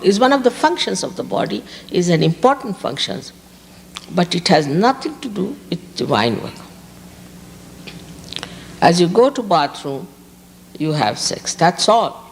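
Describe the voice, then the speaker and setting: A woman's voice: medium pitch, very animated, measured pace. A woman from India with an Indian accent, giving a public spiritual talk and repeating key words for emphasis. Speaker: spiritual teacher. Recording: reverberant hall, faint background hiss.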